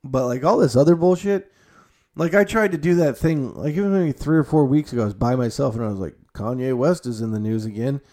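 Profane, animated male podcast host. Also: a little high, fast. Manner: profane, animated ranting that shifts into a mock-calm guided breathing bit. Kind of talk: casual ranting monologue.

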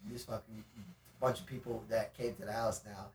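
A man guesting on a casual podcast, telling stories in a lively, profane way, laughing through them. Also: lowish voice, normal speed, vocal fry, recorded from a distance, slight background noise. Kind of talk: casual chat, storytelling. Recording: echoey room, a bit away from the mic.

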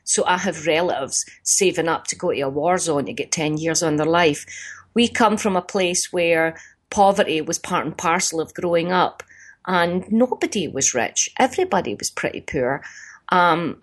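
Lively Glaswegian woman on the phone. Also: on the low side, husky. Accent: Glaswegian Scottish. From Glasgow, Scotland. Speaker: comedian guest. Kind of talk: phone interview. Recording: phone line.

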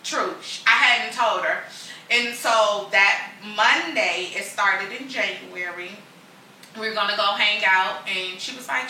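Lively woman telling a story, echoey. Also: on the high side, measured pace, a little hiss or hum. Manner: animated, acts out quotes, slangy. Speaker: guest telling a friendship story. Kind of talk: casual storytelling chat. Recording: echoey room, far from the mic.

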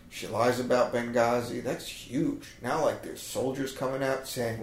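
A man's voice: medium pitch, moderate pace, hardly any pauses. A man joking in sarcastic, mock-conspiratorial banter, often swearing as he co-hosts a comedy podcast. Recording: roomy echo.

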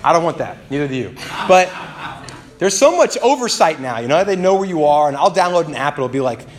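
A male pastor delivers a conversational sermon, his fairly high voice swinging widely up and down as he talks. He is animated and playful, tossing in asides and asking the congregation to answer back. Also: brisk. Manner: asks the congregation for responses.

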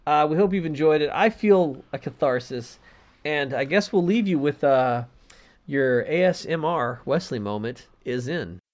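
A man's voice: on the high side, measured pace. A man hosting a podcast, chatting casually and ranting with profanity. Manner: rambling, profane, expressive. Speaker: podcast host. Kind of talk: casual chat.

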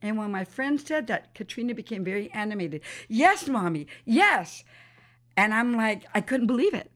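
A woman's voice: medium pitch, brisk. A woman telling an emotional personal story in an interview, acting out what others said. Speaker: interviewee, mother.

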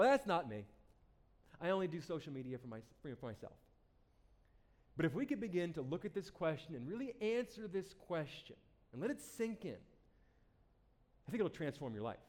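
A man preaching a sermon to a congregation, animated and playful, acting out the people he quotes and repeating words as he starts a thought. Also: fairly high pitch. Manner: animated, acts out quoted voices. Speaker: pastor.

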